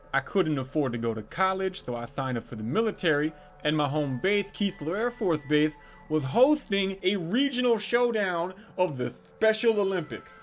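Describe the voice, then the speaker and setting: A young man with a high-pitched voice tells crude comedy stories with animated, irreverent timing. His delivery is punchy, and faint music plays underneath. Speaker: comedic storyteller.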